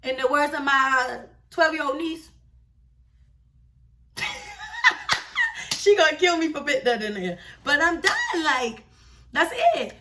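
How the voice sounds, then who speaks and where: A young woman vlogger telling a story in a casual, chatty, slangy and animated way. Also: sits high, recorded from a distance, a little hiss or hum.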